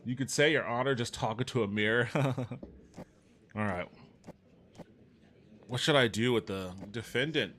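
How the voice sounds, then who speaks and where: A man's voice: mid-range voice, unhurried, long pauses, a bit bright. A man streaming a game, thinking aloud in casual, rambling commentary and chatting with his viewers.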